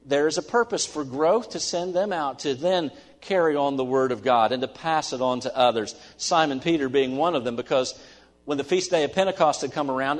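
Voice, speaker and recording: A middle-aged man preaching a sermon as pastor, earnest, swinging between emphatic stresses and soft asides. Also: fairly high pitch. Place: church sanctuary. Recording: long church-hall reverb.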